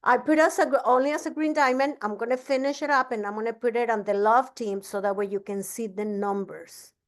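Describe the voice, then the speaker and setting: A woman giving a casual training talk as a business coach, energetic and often restarting her sentences. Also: fairly high pitch, fairly quick. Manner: energetic, repeats herself, frequent restarts.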